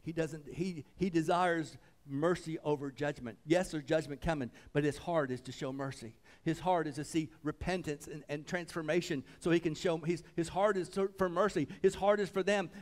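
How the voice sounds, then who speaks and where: Fervent preaching pastor, loud to hushed. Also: male voice, fairly high pitch, fairly even intonation, normal speed, hardly any pauses. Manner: swings between loud fervent preaching and hushed reverent tones; repeats and restarts phrases, calls "come on". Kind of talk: sermon.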